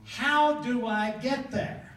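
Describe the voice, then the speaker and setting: An older man from the southern United States, a traveling evangelist, telling his testimony in a folksy, animated way with laughter. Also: very high voice, slow. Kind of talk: storytelling testimony in conversation. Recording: echoey room, distant mic, faint noise.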